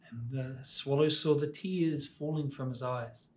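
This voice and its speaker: A man telling a story to children at church, swinging between lively and hushed delivery. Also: on the high side, normal speed, few pauses.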